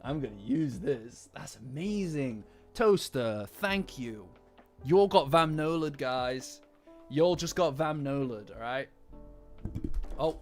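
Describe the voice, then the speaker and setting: A man chatting casually on a live stream, excitable and quick to swear, with loud gasps and exclamations. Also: medium pitch. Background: faint background music.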